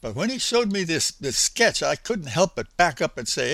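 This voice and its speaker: An older man narrating his memories in an unhurried, folksy, reflective way. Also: on the high side, sing-song, vocal fry, fairly bright tone, no room sound. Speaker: storyteller. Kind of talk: spoken memoir narration.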